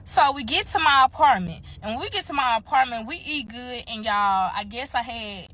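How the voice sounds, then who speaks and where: A young woman vlogger tells her viewers a story at a moderate pace in a fairly high voice. She's casual and animated, swearing freely and addressing the audience directly.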